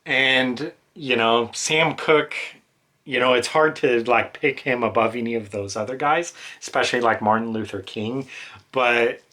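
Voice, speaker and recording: Male book channel host, bright tone, emotional, rambling casual monologue. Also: medium pitch, unhurried. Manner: rambling, emotional, many fillers.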